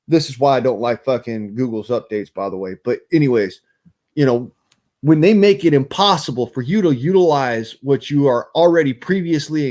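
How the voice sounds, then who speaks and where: A man's voice: fairly high pitch, mellow. Furious profane man with a drawl. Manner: profane, bitter, heated. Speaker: live streamer. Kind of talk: angry live-stream rant.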